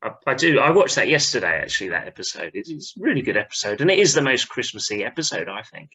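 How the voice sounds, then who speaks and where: A man's voice: medium pitch, big pitch swings, fast, sharp tone, husky. A man hosting a podcast, chatting casually and steering the conversation. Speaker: podcast host. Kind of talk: casual chat.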